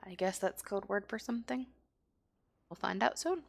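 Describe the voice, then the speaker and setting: A woman streaming a game, thinking aloud and often trailing off quietly. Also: mid-range voice, animated, moderate pace, vocal fry. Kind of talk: casual gameplay commentary.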